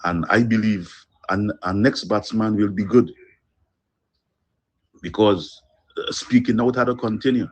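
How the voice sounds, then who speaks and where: A man leaves a phone voice note of condolence in a very deep voice. He talks slowly and heavily, pausing often and staying earnest all the way through. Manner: slow, heavy and earnest, with pauses. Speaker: caller leaving a voice note. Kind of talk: emotional condolence message.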